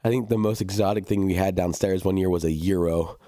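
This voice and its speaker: Young male podcast co-host, deep, warm, laughs mid-story, dry booth sound. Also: a little fast, no echo. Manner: animated, laughing storyteller with restarts. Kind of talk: casual storytelling chat.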